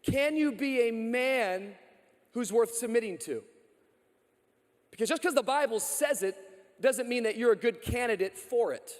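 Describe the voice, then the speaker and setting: Brief: energetic male pastor, high voice, joking sermon, long hall reverb. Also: unhurried, long pauses. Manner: energetic, joking, loud calls to the crowd.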